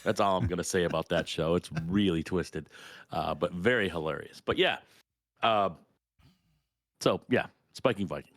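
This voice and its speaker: This middle-aged man has a fairly low voice and tells animated stories with plenty of swearing. The sound is dry and close to the mic, with no room echo. He talks the way you would in a relaxed chat around a bar. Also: normal speed. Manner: storytelling, animated, swearing freely. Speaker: podcast co-host. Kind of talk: casual chat.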